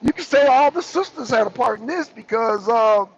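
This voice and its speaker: A man's voice: extremely high pitch, expressive, normal speed, breathy edge. A man hosting a political talk show, ranting animatedly and calling out his co-hosts by name, on a slightly muffled recording. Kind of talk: heated political commentary.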